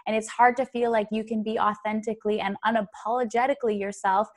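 Earnest higher-voiced woman host. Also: little pitch movement, fast talker. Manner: warm, earnest and encouraging. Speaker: podcast host. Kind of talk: casual interview talk.

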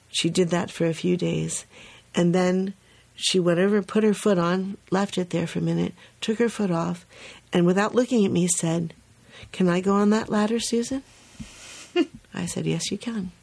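A woman co-hosting a podcast about early childhood, telling a story in a casual, animated way and laughing often. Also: on the low side, moderate pace, gravelly.

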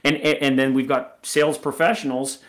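A man with a mid-range voice co-hosts a sales training podcast. He explains his points in a measured, teacherly manner during a casual chat. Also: mid-range voice, steady tone. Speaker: podcast co-host, sales coach.

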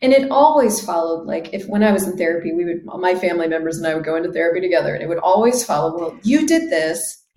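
A woman's voice: fairly low pitch, racing, few pauses, warm tone, reverberant. A woman in casual conversation, speaking earnestly and reflectively, often acting out quoted dialogue.

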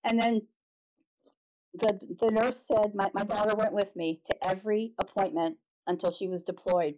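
A middle-aged woman, a podcast guest, telling a personal story in an animated way, with halting restarts and acted-out reactions. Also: medium pitch, poor audio. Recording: noticeable background noise.

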